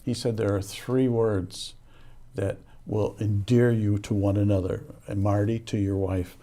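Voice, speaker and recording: A man's voice: lowish voice, level tone, unhurried, dark tone. A man co-hosting a radio talk show, teasing and joking with his guest. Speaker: radio co-host. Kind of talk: casual radio chat.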